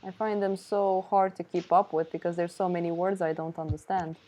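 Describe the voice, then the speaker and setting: A woman hosts a relaxed art stream and chats in an easygoing way while she draws. Her talk is loose and she makes light of herself. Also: on the low side, fairly quick. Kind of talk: casual chat while drawing.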